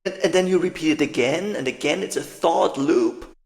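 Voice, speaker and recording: A man hosting a conversation, animated and quick to repeat himself when excited. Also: a little high, creaky. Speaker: host. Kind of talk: conversational interview.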